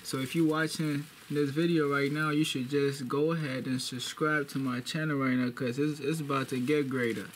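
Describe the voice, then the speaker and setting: A man's voice: mid-range voice, fairly even intonation, normal speed, hardly any pauses. Hyped young man vlogging, noisy room. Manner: boastful, repeats phrases for hype. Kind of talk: casual hype vlog. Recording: noisy background.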